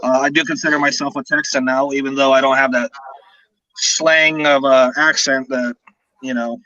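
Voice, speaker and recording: A man in his thirties hosting a casual chat, telling stories with animated, exaggerated outrage. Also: medium pitch, moderate pace, dry recording, lo-fi sound. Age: 30s. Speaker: podcast host.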